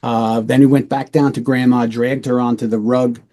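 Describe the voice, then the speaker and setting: A man's voice: mid-range voice, flat delivery, normal speed, dark tone. A middle-aged man, a retired police lieutenant, telling a true-crime case in a casual, matter-of-fact way and acting out the voices of the people in it.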